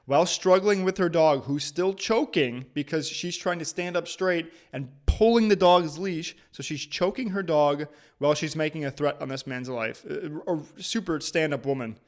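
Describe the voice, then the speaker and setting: A man's voice: a little high, normal speed, few pauses. A man giving casual, emphatic reaction commentary on a video clip, with restarts now and then.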